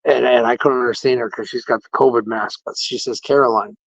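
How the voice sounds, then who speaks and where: A man's voice: medium pitch, brisk, creaky, no room sound. Man telling an indignant story, dull lo-fi audio. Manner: animated, indignant retelling with quoted dialogue. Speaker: podcast host. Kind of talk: casual storytelling. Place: patient room in a care facility.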